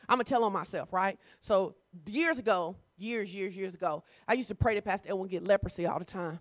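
A woman pastor preaches in a loose, conversational style, teasing her congregation. Her voice sits fairly high. The sound is close and dry. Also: a bit bright, no room sound. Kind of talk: sermon.

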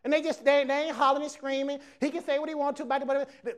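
A man preaching a lively sermon to a church congregation, talking casually and acting out other people's voices as he goes. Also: extremely high pitch, racing, noisy background. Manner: animated preaching, acts out quoted voices, casual dialect. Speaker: pastor.

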